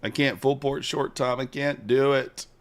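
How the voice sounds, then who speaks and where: A man's voice: medium pitch, steady tone, measured pace. A man streaming live futures trades, chatting casually with his viewers, joking and hyping his trades. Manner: chatty, joking with chat, banters and hypes trades.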